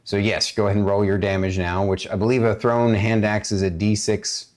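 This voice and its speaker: A man acting as dungeon master on a game stream, talking loosely with many fillers and often clearing his throat. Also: fairly low pitch, little pitch movement, fairly quick, darkish tone. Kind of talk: running a tabletop game stream.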